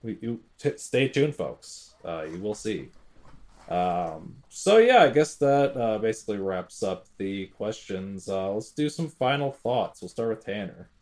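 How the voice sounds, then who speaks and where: A young man hosting a casual podcast, talking in a halting way with many fillers and restarts. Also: on the low side, big pitch swings, a little mellow. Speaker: podcast host.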